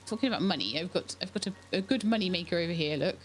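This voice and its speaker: A woman's voice: on the low side, animated, rapid-fire, faint music behind. A woman casually commenting as she plays a farming game, chatty and thinking aloud as she goes. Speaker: game streamer. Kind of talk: casual let's-play commentary.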